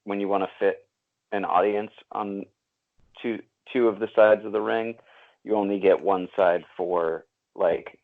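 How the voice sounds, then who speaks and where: Deep-voiced man on a tinny line. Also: steady tone, measured pace. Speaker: podcast co-host. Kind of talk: casual chat.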